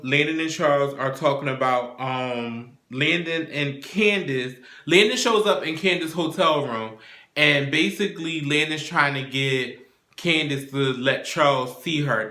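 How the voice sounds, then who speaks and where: A man with a bright, forceful voice talks through a TV episode in a loose, casual way, swearing freely and slipping into the characters' lines as he retells each scene. The sound bounces around an echoey room. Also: mid-range voice. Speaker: TV recap show host.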